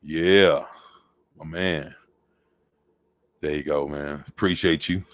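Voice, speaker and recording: A man's voice: rumbling low, steady tone, slow, fairly bright tone, dry recording. A man co-hosting a casual podcast, laid-back and greeting viewers by name. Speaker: podcast co-host. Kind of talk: casual chat.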